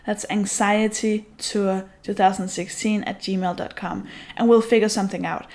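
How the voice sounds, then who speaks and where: A woman comedian giving a casual, relaxed spoken message, pausing with fillers. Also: medium pitch. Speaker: podcast co-host and comedian. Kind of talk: casual announcement.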